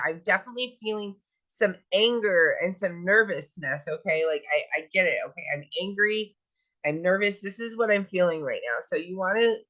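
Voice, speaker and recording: Bright-voiced woman guiding a self-help lesson. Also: lowish voice, rough recording. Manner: gentle, coaxing, asks many questions. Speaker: wellness teacher. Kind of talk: guided self-help talk.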